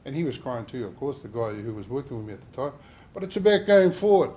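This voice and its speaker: A man's voice: medium pitch, very animated, fast talker, mellow. A man telling an emotional personal story in a workplace safety talk. He rambles and uses many fillers as he speaks. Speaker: injured worker sharing his story.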